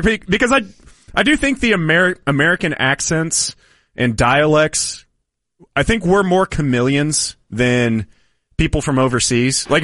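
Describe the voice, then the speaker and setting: A man's voice: a little high, a bit bright, no echo. A man hosting a sports show, chatting and musing in casual banter, laughing often. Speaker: sports radio host.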